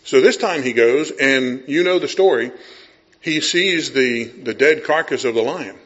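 A middle-aged male pastor preaching a sermon, acting out scenes and voices, dropping to a hush and then rising loud. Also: mid-range voice, a little slow, lo-fi sound.

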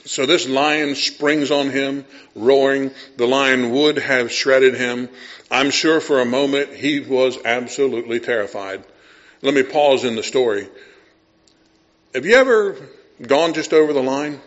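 Male pastor, middle-aged, lively preaching, acts out voices, medium pitch, slightly muffled recording. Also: measured pace. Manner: storytelling preacher acting out voices, swinging from hushed to loud. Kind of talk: sermon.

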